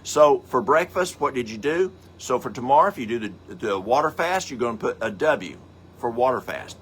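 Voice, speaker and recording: A man's voice: medium pitch, lively intonation, normal speed, a bit bright, slight background noise. Folksy man teaching health habits. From American South. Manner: folksy, rambling, with asides and acted-out anecdotes. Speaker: health program host. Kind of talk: casual teaching talk.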